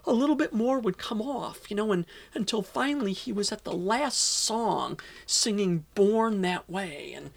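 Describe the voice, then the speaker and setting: Gravelly rambling man telling a story. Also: high-pitched, animated, measured pace, few pauses. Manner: rambling, many "you know"s and restarts. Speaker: interviewee. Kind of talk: casual storytelling.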